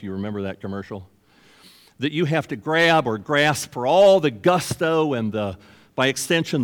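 A man's voice: fairly high pitch, in a large hall. A man in his sixties, a pastor, giving a conversational sermon that is broken up by acted-out dialogues. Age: 60s.

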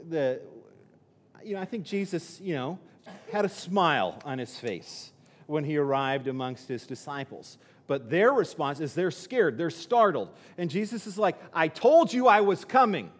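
Male pastor, slightly high voice, conversational sermon delivery with restarts, recorded in a reverberant hall. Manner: conversational, repeats words and restarts, acts out quotes.

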